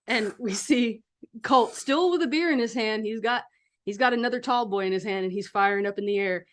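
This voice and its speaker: A woman's voice: on the high side, brisk. A woman narrating a horror tabletop game as game master, setting scenes like a film in a casual way.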